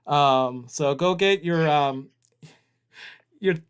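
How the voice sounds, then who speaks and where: A man's voice: fairly high pitch, moderate pace, a bit bright, smooth. A man chatting casually as host of a livestream, teasing his guest and laughing as he talks. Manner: playful, teasing, laughs while talking. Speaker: trading company CEO hosting a livestream.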